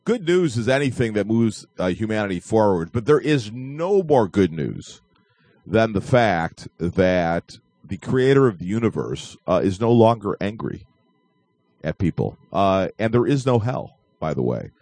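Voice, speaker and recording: Brief: male talk host, rambling jokey delivery, deep voice with swooping intonation. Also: sing-song, a little slow, darkish tone, no echo. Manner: jokey, rambling, with many fillers and restarts. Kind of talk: casual live online talk show.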